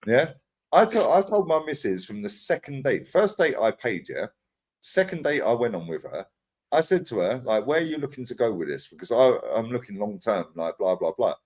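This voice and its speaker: A man in casual podcast chat, telling animated stories full of slang and swearing and acting out what others said. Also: medium pitch, normal speed. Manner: animated storytelling, acts out quotes, swears freely, lots of slang. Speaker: podcast co-host.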